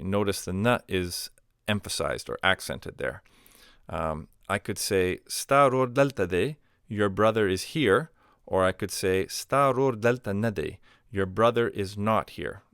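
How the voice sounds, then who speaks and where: A man calmly teaching a recorded grammar lesson, explaining step by step with example phrases and a few ums and uhs. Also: lowish voice, no room sound, clean studio sound. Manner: patient explaining with spoken examples, fillers like um and uh. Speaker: language teacher.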